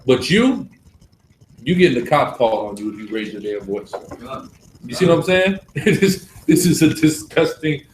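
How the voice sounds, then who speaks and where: A man leading a live religious class, preaching forcefully and repeating points for emphasis. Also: a little high, very animated, normal speed, reverberant, a little hiss or hum, poor audio.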